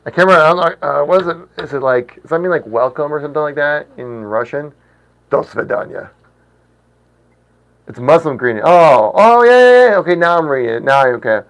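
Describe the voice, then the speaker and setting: A man's voice: fairly high pitch, expressive, poor audio. Chatty laughing man in his thirties. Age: 30s. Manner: chatty, laughs often, halting attempts at foreign words. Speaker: livestream host. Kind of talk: casual livestream chat.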